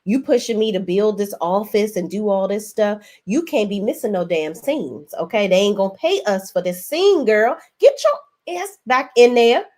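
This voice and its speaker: A woman's voice: mid-range voice, animated, moderate pace, darkish tone, lightly acted. A woman voicing a blunt husband who scolds his wife with profanity. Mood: scolding.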